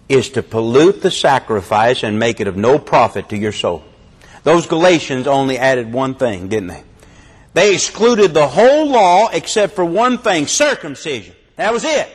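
A man preaching a sermon with fervour, his delivery swinging between loud and hushed. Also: mid-range voice, slightly rough.

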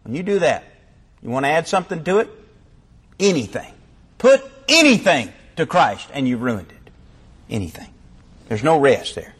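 A man preaching a sermon with fervour, his delivery swinging between loud and hushed. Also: a little high, very animated, moderate pace, pauses often, husky.

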